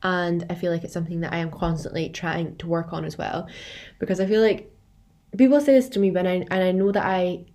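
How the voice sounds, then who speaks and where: A woman's voice: lowish voice, steady tone, brisk, dark tone. A young woman, co-hosting a podcast, telling reflective personal anecdotes in casual chat. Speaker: podcast co-host.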